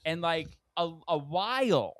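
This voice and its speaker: In an unhurried way, a podcast co-host relates a story during casual chat, throwing his voice into big pitch jumps to act out whoever he's quoting. A little hiss or hum sits under the recording.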